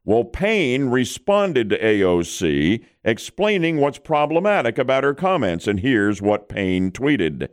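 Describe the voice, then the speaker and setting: A man's voice: medium pitch, very animated, unhurried, few pauses. A middle-aged man hosting a radio morning show, wry and self-mocking in his banter. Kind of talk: talk radio banter and news reading. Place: radio studio. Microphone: studio microphone.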